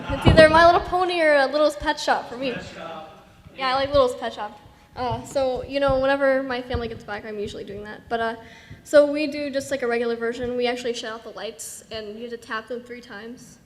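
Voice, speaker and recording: A woman's voice: sits high, fairly even intonation, a little fast. A young woman hosting a convention panel, chatty and rambling, laughing often. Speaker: panel host. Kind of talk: live convention panel talk. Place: large convention hall. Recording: hall reverb.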